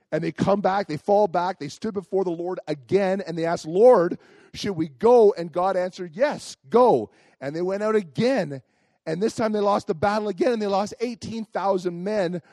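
In a high voice with no room sound, a pastor preaches, relating a personal story in an animated fashion. Along the way he acts out the voices of the people in the tale.

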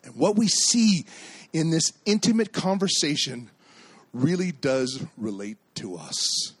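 A male pastor from Canada preaching a sermon, telling stories and acting out the voices in them, and shouting at the high points. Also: expressive, a little slow, slightly rough. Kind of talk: sermon with storytelling.

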